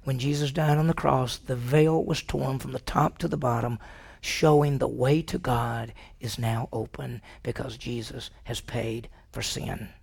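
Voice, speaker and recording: A man preaching a sermon as a pastor, swinging from loud urgent runs to hushed, near-whispered lines. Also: medium pitch, fairly even intonation, unhurried, vocal fry, slightly rough.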